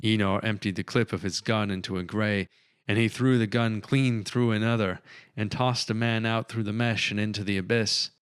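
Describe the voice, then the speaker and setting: A man narrating a science fiction audiobook in a steady, measured way. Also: fairly low pitch, smooth, no echo, clean studio sound. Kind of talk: scripted narration.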